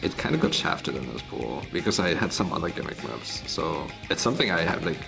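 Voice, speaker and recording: Deep gravelly man chatting casually. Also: sing-song, a little fast, over music. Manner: rambling, full of fillers and restarts. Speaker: tournament mappool showcaser. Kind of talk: casual stream commentary.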